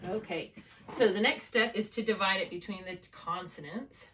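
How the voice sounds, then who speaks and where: A woman's voice: medium pitch, normal speed, a bit bright, far from the mic, slight background noise. A woman tutoring a student one-on-one in a spelling lesson over a video call, explaining each step patiently and checking in with questions. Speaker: reading tutor. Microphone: laptop mic, held while writing.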